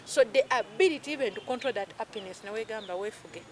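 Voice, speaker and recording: A Ugandan-accented woman in her thirties, working as an emotional healing coach, chats casually and animatedly, slipping Luganda phrases into her speech. Her voice is fairly high and she talks fast, with slight background noise.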